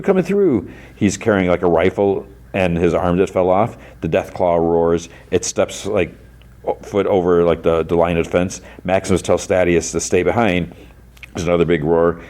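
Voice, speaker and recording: A man's voice: low-pitched, darkish tone. A man hosting a podcast, retelling an episode in a casual, rambling way full of "like" and restarts. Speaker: podcast host.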